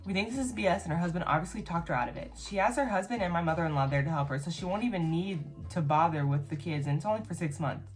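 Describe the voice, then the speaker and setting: Blunt, low-voiced woman reacting online. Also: animated, quick pace, few pauses, faint music behind. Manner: blunt, swears freely, laughs and reacts between read lines. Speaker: YouTuber reacting to online posts. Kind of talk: casual reaction commentary, reading posts aloud.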